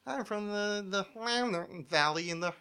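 Man doing a high chirpy alien from space, goofy podcast bit. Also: slow pace, bright, forceful tone, smooth, exaggerated voice.

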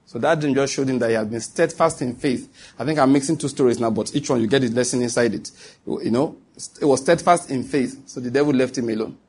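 Man, preacher, sermon, husky breathy voice, mid pitch, emphatic, repeats his points. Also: fairly quick, darkish tone. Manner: emphatic and repetitive, with asides to the listeners. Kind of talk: sermon to a congregation.

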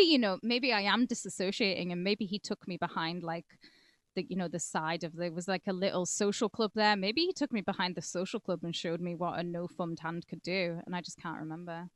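A woman's voice: fairly low pitch, no room sound. A woman co-hosting a true-crime podcast, talking casually and swearing freely. She moves between reading case notes and telling loose stories. Her voice sits close and dry against the mic. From England (Cumbria). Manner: chatty and profane, drifts between reading and joking. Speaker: podcast co-host.

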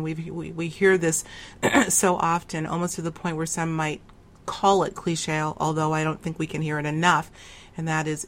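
A woman hosting an interview, asking reflective, probing questions. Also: deep voice. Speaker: host.

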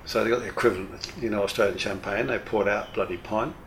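An older man, a retired airline captain, telling a lively, mildly profane story in an interview. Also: on the low side, quick pace, a little hiss or hum. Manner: lively, swears casually, full of restarts. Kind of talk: casual anecdotal storytelling.

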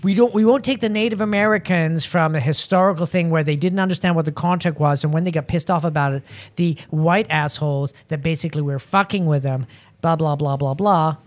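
A man's voice: on the high side, fast talker. A man hosting a podcast, rambling and joking with plenty of swearing. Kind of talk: casual panel chat. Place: studio with live audience.

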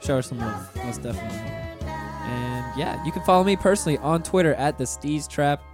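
A man hosting a podcast, talking in a relaxed, slangy way and hyping up his guest. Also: medium pitch, a little fast, over music. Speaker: podcast host. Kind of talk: casual interview chat.

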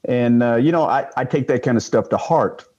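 A man's voice: medium pitch, normal speed, a little mellow, muffled recording. An older man, a retired police sergeant, telling stories in a casual interview, rambling with many fillers and restarts.

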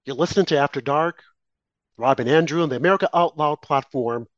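A man hosting a political talk show, forceful and rhetorical. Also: fairly high pitch, a little fast, dry recording, dull audio.

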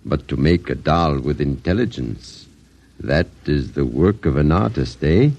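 A sly old doll maker purrs his theatrical sales pitch in an extremely deep, dark, mellow voice. The sound is dry and muffled, like an old 1950s radio broadcast. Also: lively intonation, a little slow, exaggerated voice. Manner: theatrical, smooth sales patter. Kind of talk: 1950s radio drama acting.

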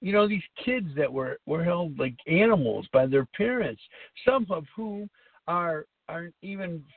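A man's voice: fairly high pitch, animated, measured pace, dry recording. A middle-aged man hosting a recovery talk show, speaking in a rambling, earnest way and repeating himself. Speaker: podcast host. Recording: tinny phone-like line.

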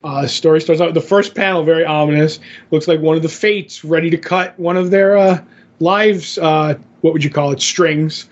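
A man's voice: a little high, fairly even intonation, normal speed, dull audio. A man co-hosting a podcast, recapping a comic issue in a loose, rambling way full of "like" and "kind of a deal". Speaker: podcast co-host. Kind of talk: casual comic book recap.

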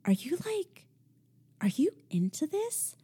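A woman voicing a sharp-tongued, defiant young woman friend with a bright, mocking edge. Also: high voice, very animated, slow pace, pitched above the performer's own voice, heavily acted. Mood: incredulous.

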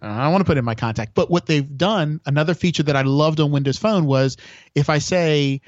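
A man's voice: a little high, a little fast, no echo, dull audio. A man chatting as a podcast guest, telling long stories with lots of restarts. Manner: rambling storyteller with many restarts. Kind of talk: casual chat.

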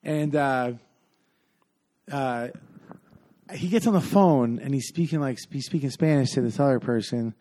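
A man's voice: medium pitch, a little slow, long pauses, warm tone. A man telling a long story in casual podcast chat, rambling with many fillers and acting out what people said.

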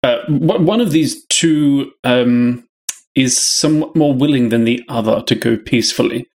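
A man playing a tabletop game, speaking in a hesitant, polite, halting way. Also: medium pitch, a little mellow. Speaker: player. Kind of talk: tabletop role-play.

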